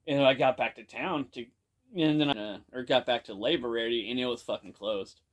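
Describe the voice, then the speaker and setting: In a mid-range voice that runs a little fast, a male podcast storyteller casually relates an episode from his past. He meanders, curses all the time, and keeps saying "you know."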